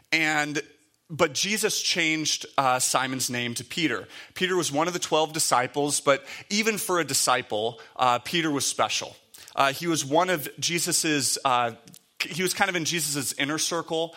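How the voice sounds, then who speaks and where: A man with a bright, forceful, slightly high voice delivers a sermon. He talks in a relaxed, conversational way, stopping for fillers and restarts, and now and then he reads scripture aloud. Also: normal speed. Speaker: preacher.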